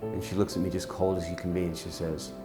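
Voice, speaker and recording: A man's voice: sits low, level tone, fast, music in the background. A middle-aged man telling a personal story from his ministry work, intense and impassioned, acting out the people in it.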